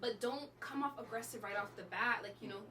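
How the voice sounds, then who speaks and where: A woman's voice: fairly high pitch, brisk, sharp tone, distant mic, slight background noise. A woman guest giving frank dating advice in a casual chat, talking freely and acting out what people say. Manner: frank, chatty, laughs often, acts out quoted lines.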